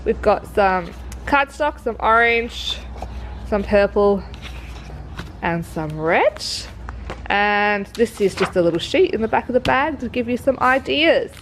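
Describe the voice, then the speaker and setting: At her workplace, a craft shop presenter with an Australian accent walks casually through a craft kit, gushing over each item and using lots of fillers, and mentions that she is sick. Her voice is fairly high, and the rough recording carries slight background noise.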